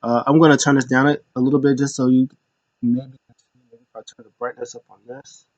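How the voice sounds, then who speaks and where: Man, casual wrestling recap, rambling restarts, mid pitch, dry close mic. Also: little pitch movement, a little fast, no echo, lo-fi sound. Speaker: wrestling show commentator.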